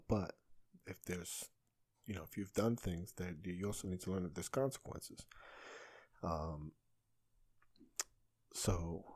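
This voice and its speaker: Deep-voiced husky man rambling candidly. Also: darkish tone, no echo. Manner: rambling, candid, swears freely. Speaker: podcast host. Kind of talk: casual solo podcast monologue.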